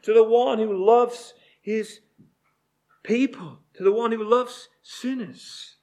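A male preacher delivers a sermon in a fairly high voice. He speaks slowly and deliberately and presses hard on repeated phrases. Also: steady tone, dark tone.

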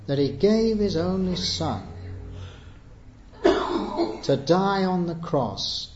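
A man's voice: sits high, animated, slow, background noise. A man preaching an evangelistic sermon, earnest and pleading, building to emphatic appeals. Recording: echoey muffled church recording.

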